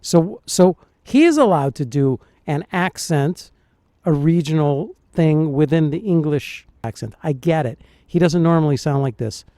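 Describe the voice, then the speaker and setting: A man, a dialect coach, reacting to film clips and thinking aloud in a puzzled, animated way. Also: on the high side, measured pace, dry recording, clean studio sound. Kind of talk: reaction commentary.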